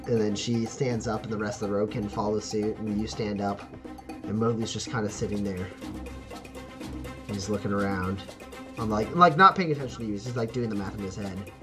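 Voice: medium pitch, brisk, over music. A game master narrating a tabletop game in rambling, filler-heavy speech, often breaking into laughter.

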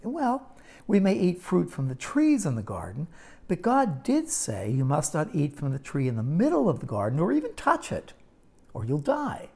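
A woman voicing the earnest, innocent first woman of the garden story, pitched higher than her teaching voice. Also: huge pitch swings, moderate pace, dark tone, breathy edge, exaggerated voice.

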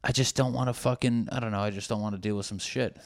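Lower-voiced man in his thirties, rambling. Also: steady tone, fast, gravelly. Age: 30s. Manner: rambling, profane, self-deprecating. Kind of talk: casual podcast chat.

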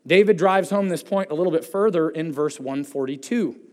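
A man preaching a sermon with a slightly raised voice, heard in a church hall with a long reverb. His delivery is earnest and emphatic. He climbs on key words and sinks low and soft at the end of each point. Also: moderate pace. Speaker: pastor.

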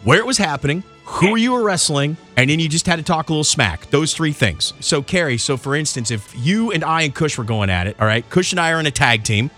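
Playful male radio host with a bright voice. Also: on the high side, lively intonation, a little fast, hardly any pauses, faint music behind. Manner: playful, egging guests on. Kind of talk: casual studio banter. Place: radio studio.

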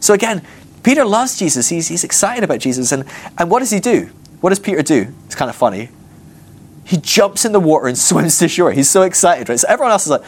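A man's voice: a little high, fast talker. A man teaching a ministry school class in a casual, joking way, acting out the voices of Bible characters. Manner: jokey, animated, acts out voices of Bible characters.

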